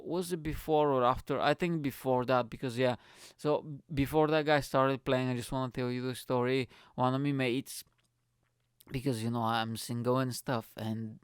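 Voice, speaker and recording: A young man, a comedian hosting his own podcast, telling a story in a rambling, swearing way and acting out his friends' lines in higher voices. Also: smooth, dry recording, clean studio sound. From not from the UK, moved there at 21. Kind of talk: casual storytelling monologue.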